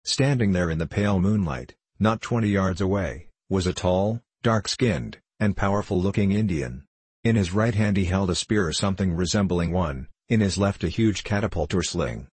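A man reading an audiobook in a measured storytelling manner. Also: low-pitched, slightly rough, dry recording. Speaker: audiobook reader. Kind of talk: scripted audiobook narration.

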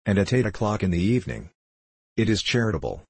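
Man reading a smooth, scheming audiobook bishop, low voice, dry booth sound. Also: sing-song, quick pace, a little mellow, no echo, heavily acted. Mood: coaxing. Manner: polite, coaxing. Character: smooth, courteous male bishop, quietly scheming.

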